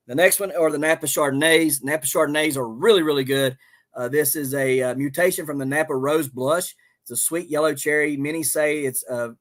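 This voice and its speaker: Southern man, homestead host, casual rambling livestream talk, middle pitch. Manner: rambling, folksy, many fillers.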